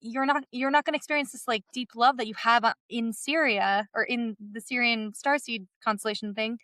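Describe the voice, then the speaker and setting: A woman hosting a podcast, telling stories in an animated way and laughing often. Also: on the high side, brisk, no room sound. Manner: animated storytelling, laughs often, many likes. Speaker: podcast host. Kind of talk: casual chat.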